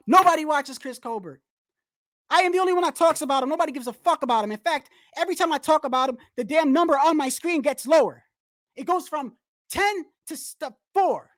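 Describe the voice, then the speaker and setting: A woman hosting a boxing channel livestream, ranting in animated, profane, slangy talk full of restarts. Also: sits high, a little fast, no room sound, studio quality. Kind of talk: casual livestream commentary.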